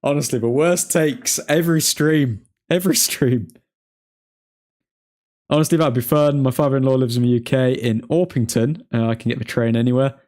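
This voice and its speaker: A man's voice: medium pitch, normal speed, a little mellow. Chatty man hosting a live stream. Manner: chatty, reads updates aloud, hums while scrolling. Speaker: livestream host reading transfer news. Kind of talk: casual live stream chat.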